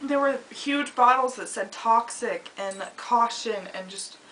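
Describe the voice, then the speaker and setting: A young woman with a high, bright voice tells stories in a giggly, animated way and bursts into loud quoted lines. She sounds set back from the mic, with a faint hiss behind her. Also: a little slow, far from the mic, low-quality recording. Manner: giggly storytelling, acts out quoted lines loudly. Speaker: vlogger. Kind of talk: casual chat.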